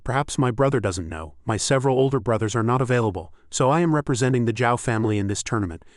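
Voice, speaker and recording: A man voicing a cunning young male martial artist who speaks calmly and confidently. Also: medium pitch, fast, no room sound, studio quality, natural voice. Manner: calm, confident.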